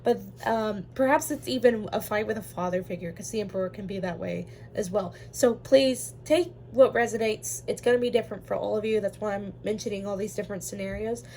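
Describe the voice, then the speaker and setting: A woman's voice: medium pitch, brisk, hardly any pauses, warm tone, slight background noise. A woman giving a casual pick-a-card tarot reading, chatty and rambling, with lots of ums and easy laughter. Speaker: tarot reader.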